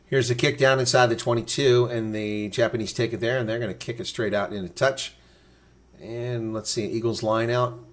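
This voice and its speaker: A man giving live reaction play-by-play commentary, excitable and blunt, his voice climbing sharply during big plays. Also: mid-range voice, normal speed. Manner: blunt and opinionated.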